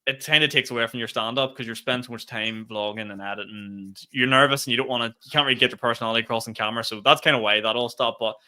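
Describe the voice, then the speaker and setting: A man, a stand-up comedian co-hosting a podcast, telling stories in animated, casual chat and swearing freely. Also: mid-range voice, racing, hardly any pauses, clean tone. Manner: animated storyteller, laughs mid-sentence, swears freely.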